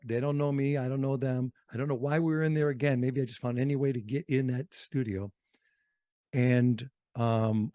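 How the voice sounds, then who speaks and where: Radio veteran from Wisconsin, animated studio storyteller, dry close mic. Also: male voice, mid-range voice, no room sound. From Fond du Lac, Wisconsin. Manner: animated, acts out quotes in other voices. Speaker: radio host and interview guest. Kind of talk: storytelling interview.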